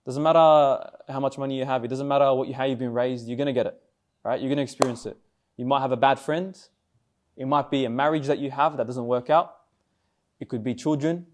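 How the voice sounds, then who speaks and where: A young man giving a casual sermon to students, talking conversationally, often asking the listeners questions and repeating words. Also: medium pitch. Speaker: speaker at a student Islamic society talk.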